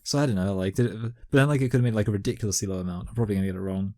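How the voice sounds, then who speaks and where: Man, co-host, low mellow voice, hesitant, crude humor, dry close sound. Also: very fast, dry recording. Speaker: podcast co-host. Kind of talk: casual comedic chat.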